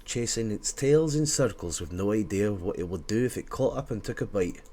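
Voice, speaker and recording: A man's voice: on the low side, animated, a little fast, dark tone. A man voicing a scornful woman companion. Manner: scornful, teasing. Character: sharp-tongued woman companion, mocking.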